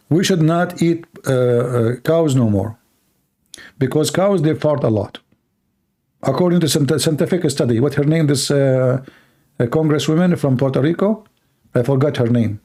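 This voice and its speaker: A man's voice: on the high side, gravelly, dark tone. A man with an Arabic accent hosting a live stream, talking in a sarcastic, rambling way with many fillers. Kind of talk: mocking casual monologue.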